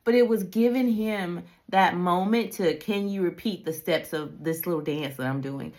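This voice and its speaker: A woman's voice: mid-range voice, moderate pace, hardly any pauses, darkish tone. A middle-aged woman hosting a casual reflective talk, telling candid stories and acting out quoted voices. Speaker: host.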